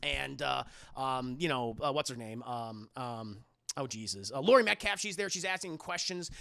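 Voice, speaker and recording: A man's voice: mid-range voice, normal speed, creaky, dry recording. A man casually recapping a film on a live stream, swearing freely and talking to his chat. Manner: profane, animated, addresses chat.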